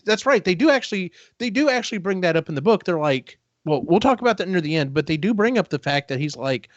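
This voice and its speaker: A man's voice: high-pitched, fast, few pauses, no room sound, lo-fi sound. A man hosting a casual book discussion, recapping the plot and acting out quotes from the characters. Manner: animated storytelling, acts out quotes. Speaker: podcast host.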